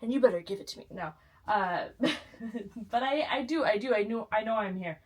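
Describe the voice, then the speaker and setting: A woman's voice: medium pitch, animated, fairly quick. A young woman from Texas chatting casually to camera in a home vlog, self-mocking, with sudden squeals and whispered asides. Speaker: book vlogger.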